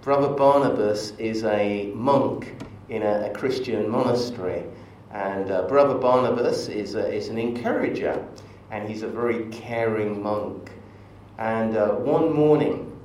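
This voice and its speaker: A man preaching a sermon in a church, relaxed and conversational, leading into stories with asides to the congregation. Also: lowish voice, slight background noise. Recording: echoey church from far off.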